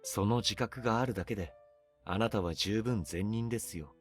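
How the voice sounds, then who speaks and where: An actor playing a cold, logical shopkeeper in a game, speaking calmly and detachedly. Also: male voice, on the low side, quick pace, faint music behind, lightly acted. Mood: cool. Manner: calm, detached, reasoning.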